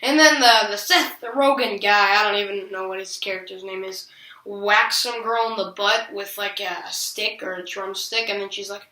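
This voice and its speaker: A woman with a bright, sharp tone gives a chatty, slangy recap of a TV episode, tossing in sarcastic asides. She sits back from the mic in a roomy, echoing space. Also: mid-range voice, fairly even intonation, moderate pace. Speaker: TV episode reviewer. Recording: roomy echo, distant from the mic.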